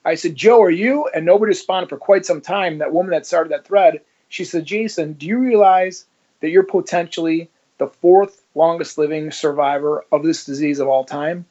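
Storytelling man, slightly high voice. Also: normal speed. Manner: animated storyteller acting out quoted dialogue. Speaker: interview guest, former police officer. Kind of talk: casual storytelling. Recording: slightly muffled lo-fi audio.

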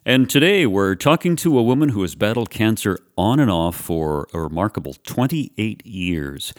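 A man hosting a podcast, introducing a guest in a measured way and slowing for emphasis. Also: fairly low pitch, sing-song, dry recording, studio quality. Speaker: podcast host.

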